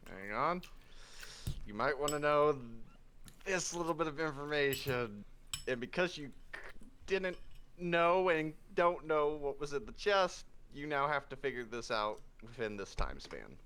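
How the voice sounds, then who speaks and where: A man's voice: fairly high pitch, animated, a little slow, pushed and bright, slight background noise. A man running a tabletop game as game master, narrating casually and joking with the players.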